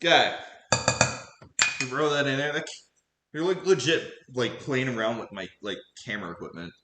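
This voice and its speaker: A man's voice: mid-range voice, normal speed, pushed and bright, echoey room, slight background noise. A man chatting casually with his live chat while cooking at home, goofy and laughing often. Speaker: cooking streamer. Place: home kitchen.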